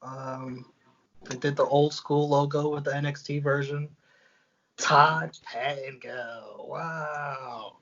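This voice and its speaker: A man co-hosting a casual roundtable, leading the review with upbeat, quick recaps. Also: a little high, monotone, a little mellow, highs cut off.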